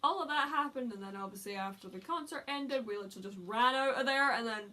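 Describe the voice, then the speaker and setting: A young woman tells a story in a vlog. Her voice is high and bright. She chats in a giggly, excited way and fills her speech with fillers. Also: fast. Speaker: vlogger. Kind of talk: casual chat.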